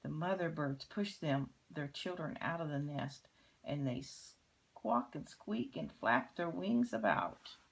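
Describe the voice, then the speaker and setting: An older woman voicing a worried, tearful mother kangaroo in a picture book read aloud, speaking softly and pleadingly. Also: low voice, lively intonation, slow, exaggerated voice. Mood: sad. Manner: pleading, soft.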